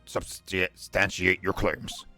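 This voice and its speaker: A man voicing a gruff older male judge with a gravelly, husky tone. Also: low-pitched, monotone, very slow, pushed and bright, no room sound, faint music behind, exaggerated voice. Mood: formal.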